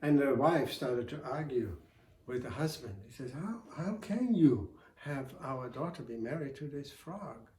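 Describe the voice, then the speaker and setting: A man tells an old folk tale slowly, in a soft-spoken, unhurried voice of middle pitch. He sounds a little distant from the mic, in a room with noticeable echo. A faint ambience sits underneath. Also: expressive. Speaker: storyteller. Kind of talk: oral folk tale storytelling.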